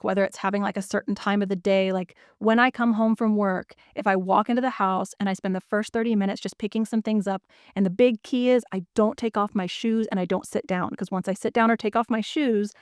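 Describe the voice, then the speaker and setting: Woman counselor explaining calmly. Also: mid-range voice, clear, resonant tone, no room sound, studio quality. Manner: explanatory, uses everyday examples. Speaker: guest counselor and author. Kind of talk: podcast conversation.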